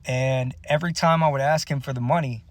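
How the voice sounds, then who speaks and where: A man's voice: medium pitch, fairly even intonation, a little fast, no room sound. A man and musician telling a personal story to camera in a blunt, bitter, profane way. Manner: bitter, aggrieved retelling.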